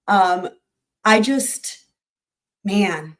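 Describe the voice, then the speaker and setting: A woman hosting a live-stream recap, chatting excitedly and rambling with lots of restarts. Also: medium pitch, normal speed. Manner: addresses viewers directly as y'all. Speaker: YouTube trial-recap host. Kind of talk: live-stream chat with viewers.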